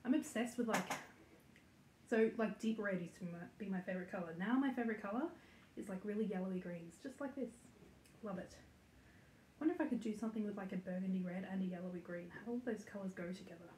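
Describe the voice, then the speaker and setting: A woman with a mid-range, mellow voice talks quickly as she hosts a casual cross-stitch vlog from her home stitching room. She's chatty and giggly, full of ums and likes, speaking straight to the camera. The room is echoey with faint noise.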